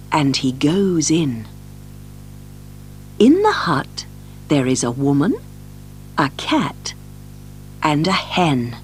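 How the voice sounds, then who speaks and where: A woman narrates a children's tale at a very slow, careful pace, her pitch rising and falling widely as she reads. Soft music plays faintly behind her. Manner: very slow, lively, expressive reading. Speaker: audiobook narrator. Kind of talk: slow storybook reading for learners.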